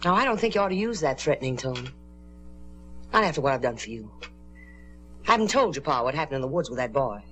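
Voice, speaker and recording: A sly, needling aunt. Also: female voice, very deep voice, big pitch swings, fast talker, pauses often, soft background music. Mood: threatening. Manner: needling, passive-aggressive, falsely sweet. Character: nagging middle-aged aunt, sly and needling. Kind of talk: 1950s television drama acting.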